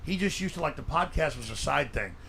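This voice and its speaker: A man's voice: fairly high pitch, expressive, fairly quick, creaky, pushed and bright, a little hiss or hum. A man, a guest in a casual chat, telling boisterous stories and cutting in. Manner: boisterous, interjecting storyteller.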